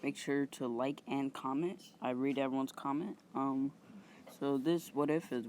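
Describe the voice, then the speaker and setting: A male channel host casually improvising a story, halting and rambling with many fillers and some mild swearing. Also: mid-range voice, darkish tone.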